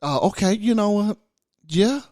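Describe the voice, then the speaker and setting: A man co-hosting a podcast in casual chat, animated, laughing often and repeating words as he starts a thought. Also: high voice, normal speed, no echo, clean studio sound. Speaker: podcast co-host.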